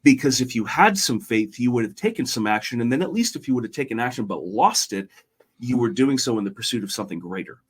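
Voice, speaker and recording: A man's voice: mid-range voice, animated, quick pace, breathy edge. A middle-aged man, a podcast guest, talking earnestly and retelling a parable in a conversational way. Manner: retells a parable, voicing characters lightly.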